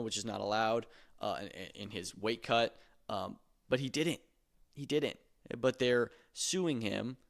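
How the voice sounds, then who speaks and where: Gravelly guy chatting fight news. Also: mid-range voice. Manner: loose and opinionated, swears casually. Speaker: podcast host. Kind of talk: casual chat about combat sports news.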